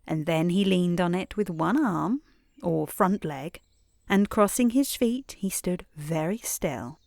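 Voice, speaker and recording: A woman hosting and reading a bedtime story aloud in a soft, soothing manner. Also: fairly low pitch, animated, takes it slowly, vocal fry, no echo, studio quality. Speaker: host and storyteller.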